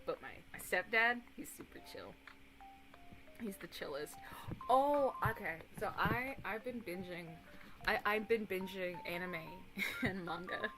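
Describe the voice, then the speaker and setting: A young woman in her twenties streaming casual chat, rambling and animated, swearing casually and breaking into excited impressions of others. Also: mid-range voice, a little slow, over music, rough recording.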